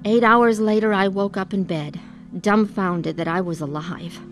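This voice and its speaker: A woman's voice: mid-range voice, fairly even intonation, unhurried, loud music behind the voice, natural voice. An actress playing a middle-aged wife who narrates her own story in a radio drama, earnest and heavy with pain. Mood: reflective. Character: weary wife recalling her troubled past. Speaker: narrator and lead character.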